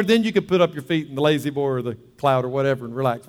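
A man preaching a sermon as a pastor, alternating between loud emphasis and soft, hushed prayerful passages. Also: mid-range voice, brisk, big-room sound. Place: church sanctuary.

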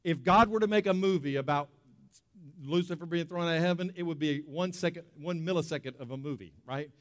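A man's voice: on the high side, a little fast. Man preaching in a reverberant church. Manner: conversational preaching with emphatic repetitions and rhetorical questions. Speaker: pastor. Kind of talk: sermon. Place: church sanctuary. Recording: long hall reverb.

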